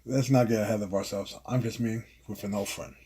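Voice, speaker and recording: A man reading as Jason, a cocky, husky detective. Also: fairly low pitch, steady tone, quick pace, mellow. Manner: breezy, self-assured.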